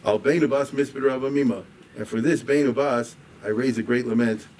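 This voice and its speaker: A man's voice: mid-range voice, brisk, darkish tone. A man teaching as a rabbi, reading a text line by line, explaining each with casual asides and checks like "right?". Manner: conversational, reads a line then paraphrases with asides and "right?". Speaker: rabbi lecturer. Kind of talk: explaining a liturgical poem in a lecture. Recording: distant mic with faint background noise.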